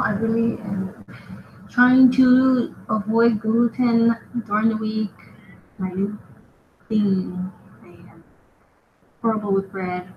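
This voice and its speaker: A woman chatting casually as she draws on a live stream, rambling and often laughing at herself. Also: fairly high pitch. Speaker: artist streaming a drawing session. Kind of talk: casual chat while drawing. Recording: lo-fi with clear background noise.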